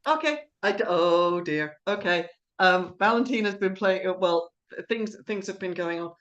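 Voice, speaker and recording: A woman's voice: fairly low pitch, lively intonation, a bit bright, muffled recording. Chatty woman hosting a live stream. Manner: rambling, chatty, quick laughs. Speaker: director and host of an online play reading. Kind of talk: casual live-stream chat.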